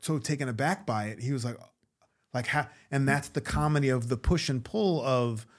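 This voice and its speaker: A man's voice: mid-range voice, moderate pace. A man from New York, an actor and comedian, telling a story as a guest, acting out the voices of the people in it and swearing freely. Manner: animated, acts out quoted voices, swears freely. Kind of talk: casual storytelling.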